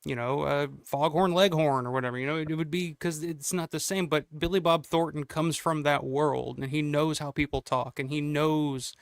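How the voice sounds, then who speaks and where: Man, from the American South, podcast host, animated, chatty, smooth voice, dry close sound. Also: fairly high pitch, moderate pace, hardly any pauses, no room sound. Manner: animated, talkative, swears casually. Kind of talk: casual conversation.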